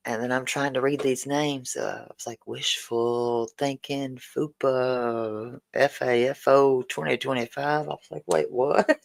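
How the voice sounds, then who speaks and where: Woman in her 40s, livestream host, slow unhurried delivery, emotional and grateful. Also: a bass voice, fairly even intonation, creaky, rough recording. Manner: warm, emotional, repeatedly thanking viewers. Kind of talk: casual livestream fundraiser chat.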